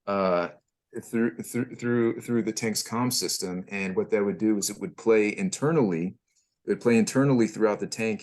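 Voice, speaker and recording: A man, a former tank crewman, telling army stories casually, halting and repeating himself. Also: lowish voice, a little mellow. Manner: halting, many restarts and fillers. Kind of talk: casual storytelling.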